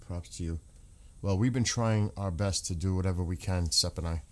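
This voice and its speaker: A man's voice: low voice, normal speed. A man hosting a casual livestream, reading viewer comments aloud and answering them while he looks things up online. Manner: reads viewer comments aloud and responds, searching websites while talking. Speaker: livestream host reading chat.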